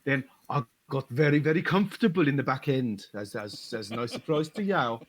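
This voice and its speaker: A man voicing a genial, old-fashioned gentleman who stammers and barks like a showman while hyping up his partner in a tabletop role-play. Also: mid-range voice, animated, normal speed, pitched below the performer's own voice, lightly acted. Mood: winded. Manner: stammering, theatrical barker. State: out of breath.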